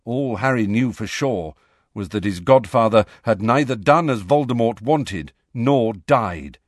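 A man narrating a fantasy novel chapter with an expressive, dramatic reading. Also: medium pitch, no room sound, studio quality. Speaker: audiobook narrator. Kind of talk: scripted storybook narration.

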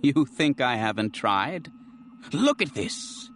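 A man voicing a small, plump male colonel with a thin, fragile voice that turns shrill. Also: big pitch swings, slow, fairly bright tone, a little hiss or hum. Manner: nervous, rising to shrill outbursts.

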